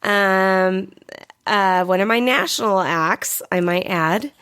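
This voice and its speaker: A woman co-hosting a casual podcast chat, sick and a bit hoarse, blunt and joking. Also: medium pitch, slow pace, a bit bright, no room sound. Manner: blunt, joking, laughs often. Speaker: podcast co-host. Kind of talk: casual chat over wine.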